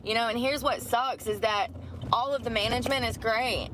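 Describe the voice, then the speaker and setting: A woman's voice: on the high side, fairly even intonation, normal speed, fairly bright tone, slight background noise, poor audio. Blunt middle-aged woman ranting outdoors. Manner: blunt, profane, indignant. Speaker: woman venting about her job. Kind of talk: candid rant.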